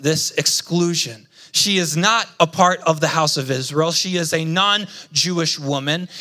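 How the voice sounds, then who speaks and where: A young man preaches in church with a high, bright, ringing voice. He tells personal stories with energy and keeps calling out to the congregation for a response. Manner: lively storytelling with congregation call-outs. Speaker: pastor. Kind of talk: sermon.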